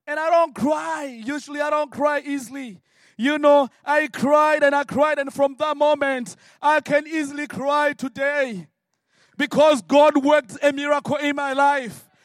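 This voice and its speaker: A man from Africa preaching a sermon and telling his own story, swinging from hushed words to shouted prayer. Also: very high voice, no room sound, studio quality. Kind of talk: sermon testimony.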